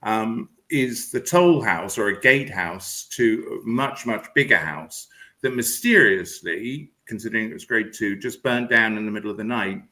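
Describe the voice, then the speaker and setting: Lively self-mocking man telling stories. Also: fairly low pitch, normal speed, poor audio. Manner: storytelling, self-mocking, laughing. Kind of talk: casual chat on a video call. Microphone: video call.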